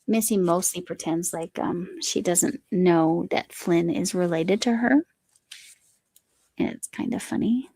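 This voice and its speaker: A woman's voice: lowish voice, unhurried, dark tone, no room sound. A woman hosting a casual live chat while she crochets, reading viewer comments aloud and talking to her cat. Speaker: livestream host.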